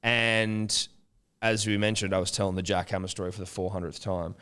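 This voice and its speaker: A man with a smooth, resonant and fairly low voice, chatting on a podcast. He tells stories loosely and with energy, swearing freely as he goes. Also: a little fast. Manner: animated storyteller, sweary and loose. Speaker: podcast co-host. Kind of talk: casual chat, anecdote telling.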